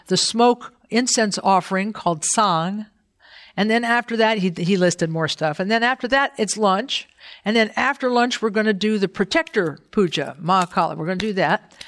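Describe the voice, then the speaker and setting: An older woman leads a relaxed dharma talk, chatting eagerly and trailing off into small hesitations. Her pitch sits in an ordinary middle range. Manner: chatty, animated, full of hesitations. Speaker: dharma teacher.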